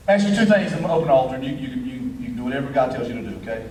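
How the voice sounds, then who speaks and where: Folksy preacher in an echoey church hall. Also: male voice, mid-range voice, very fast, distant mic. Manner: folksy, animated preaching with dialect. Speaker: pastor. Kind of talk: sermon. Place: church sanctuary.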